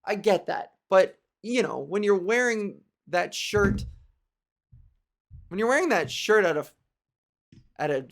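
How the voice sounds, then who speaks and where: A woman's voice: mid-range voice, animated, slow pace, long pauses. A woman comedian talks alone on her podcast from her bedroom. She rambles from one tangent to the next, sarcastic and freely profane. She breaks into laughter between riffs. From Canada. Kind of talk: solo comedic monologue.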